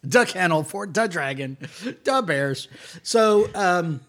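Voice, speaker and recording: Bright, lively male game master. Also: high voice, takes it slowly. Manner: playful, rambling descriptions. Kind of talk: narrating a tabletop game.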